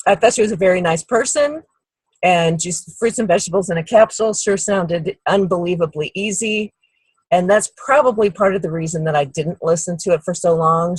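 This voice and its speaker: A middle-aged woman tells a personal story on a team call, slipping into the voices of people she quotes. Her voice is husky and sits a little low. The sound is dry and close. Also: dry recording, rough recording. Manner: warm anecdotal storytelling, acts out quoted people. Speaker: guest speaker.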